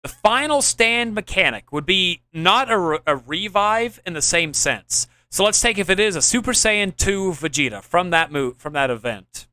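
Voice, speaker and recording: Young man, podcast host, casual gaming chat, slightly high voice, rambling, enthusiastic. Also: animated, normal speed, hardly any pauses, bright, forceful tone, clean tone, no room sound. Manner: rambling, many restarts, enthusiastic explaining.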